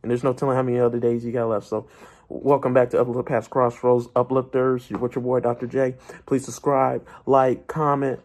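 A man's voice: mid-range voice, darkish tone. Young man giving a rousing devotional vlog talk. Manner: preachy, rousing, rhetorical questions to viewers. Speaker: Christian vlogger.

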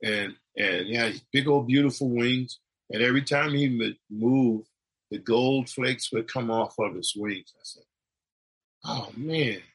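Husky man telling a story. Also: mid-range voice, measured pace, fairly bright tone, poor audio. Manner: rambling, with restarts and acted-out quotes. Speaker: storyteller recounting near-death experience. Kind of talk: casual spoken testimony.

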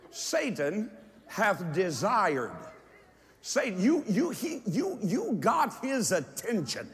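A man preaching a sermon with drawn-out emphasis, swinging from hushed lines to shouts. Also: on the high side. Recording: long echo from a large hall.

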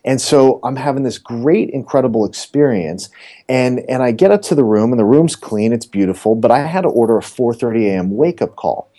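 A man's voice: mid-range voice, fairly quick. A middle-aged man, a real estate coach, telling stories and joking in a casual interview. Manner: animated, joking storyteller.

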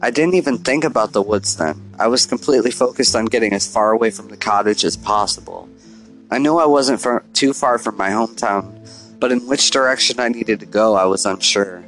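A man with a lowish voice reads a first-person horror story as if confiding in a diary. His telling is earnest and confessional, with a faint bed of music beneath. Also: brisk, fairly bright tone, poor audio. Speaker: narrator.

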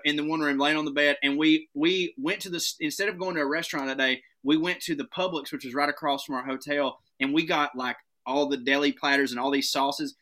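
A man spins funny stories on a podcast in a very bright, ringing voice, pitched a bit higher than most men. He talks in an animated, profane way and laughs often as he tells them. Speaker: podcast guest. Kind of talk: casual comic storytelling.

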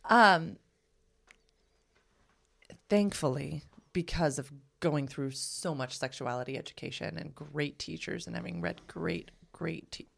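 Low gravelly-voiced woman podcast host. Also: unhurried. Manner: reflective, animated, says "right?" often. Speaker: podcast co-host and sexuality educator. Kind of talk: casual podcast conversation.

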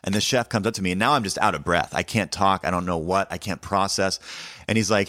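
A male comedian telling a personal story in a deadpan, conversational and self-mocking way. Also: low voice, fast talker, dry recording, clean studio sound.

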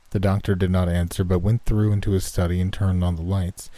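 A man narrating a horror story in a measured, steady way. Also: deep voice, no echo. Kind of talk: scripted narration.

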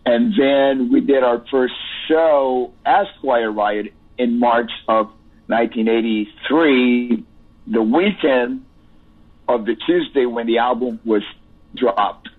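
A man's voice: mid-range voice, slow pace. A man, a musician guest, talking at length in an interview, rambling and reflective with frequent restarts. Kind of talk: interview over the phone. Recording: tinny phone line.

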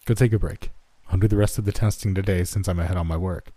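A man plays an easygoing office joker who answers calmly and reasonably. His voice is low and mellow, recorded close and dry. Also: fast, no room sound. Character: easygoing male office prankster, calm and reasonable.

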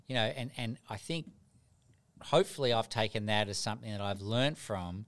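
A man's voice: mid-range voice, brisk, a bit bright. Earnest man telling stories. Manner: earnest storyteller, repeats words as he starts. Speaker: guest, doctor and mentor. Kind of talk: casual interview.

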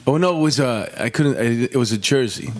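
A conversational man who once worked as a detective swaps stories in an easy chat. He cuts in with quick questions as the others talk. His pitch is ordinary. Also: animated. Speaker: former detective. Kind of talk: casual chat.

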